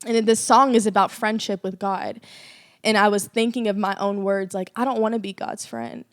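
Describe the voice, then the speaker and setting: A woman's voice: medium pitch, steady tone, normal speed, no room sound, studio quality. A young woman co-hosting a faith podcast, telling a personal story in earnest casual chat with lots of fillers. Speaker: podcast co-host.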